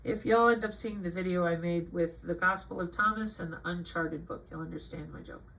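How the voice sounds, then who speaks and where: A woman's voice: fairly low pitch, brisk, vocal fry, rough recording. A middle-aged woman hosting her own channel, reading a list of items aloud and breaking off into sarcastic, scolding commentary. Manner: scolding and sarcastic, jumping between flat reading and emphatic outbursts. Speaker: channel host.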